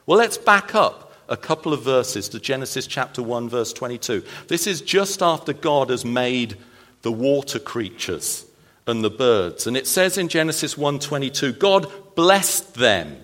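Animated man preaching in a reverberant hall. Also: mid-range voice, normal speed. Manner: animated, emphatic preaching with playful asides. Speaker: pastor. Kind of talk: sermon. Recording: long reverb of a large hall.

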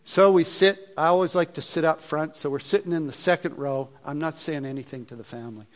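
Male preacher, slightly high voice, animated storyteller with hushed asides. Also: a little fast. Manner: animated, acts out his own thoughts, drops to hushed asides. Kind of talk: storytelling sermon.

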